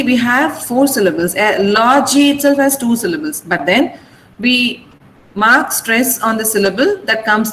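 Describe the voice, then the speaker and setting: Firm woman teacher, slow careful pronunciation. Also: sits high, a bit bright, slight background noise, poor audio. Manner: slow deliberate syllable-by-syllable pronunciation; firm, instructive. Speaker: English teacher. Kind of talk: online class lesson. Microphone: video call.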